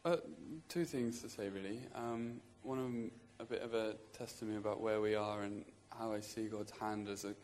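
Man, low voice, flat delivery, earnest, plain-spoken, church testimony. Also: moderate pace, hardly any pauses. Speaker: church member sharing a testimony. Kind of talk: spontaneous testimony in a group.

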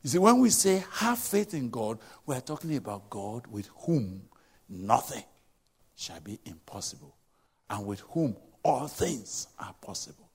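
A man's voice: medium pitch, very animated, measured pace, a little mellow, slightly rough. A man preaching a sermon, telling scripture stories dramatically and acting out the voices in quotes.

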